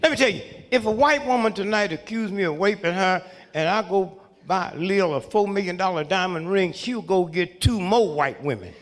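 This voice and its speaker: A man's voice: high voice, expressive, moderate pace, few pauses, fairly bright tone. A man in his seventies, a comedian telling humorous stories to a live crowd in a folksy, chuckling way, often checking in with the audience. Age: 70s. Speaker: comedian and speaker.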